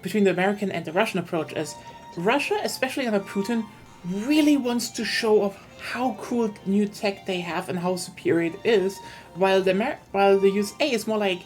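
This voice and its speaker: A woman's voice: medium pitch, expressive, fairly quick, a little mellow, soft background music. A woman streaming a strategy game, chatting casually and explaining at length as she thinks aloud. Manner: explanatory, thinks aloud in long winding turns.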